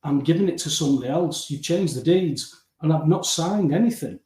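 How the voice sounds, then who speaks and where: A man with an animated storytelling manner, acting out dialogue as a guest in a casual interview. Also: a little high, fairly quick. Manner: animated storytelling, acting out dialogue, often addressing the host by name. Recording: roomy, distant mic.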